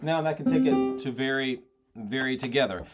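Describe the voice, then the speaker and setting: A man's voice: mid-range voice, normal speed, soft background music. A middle-aged man giving a singing lesson, explaining and demonstrating vocal technique. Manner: explanatory, demonstrates sounds and sung phrases. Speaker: singing voice teacher.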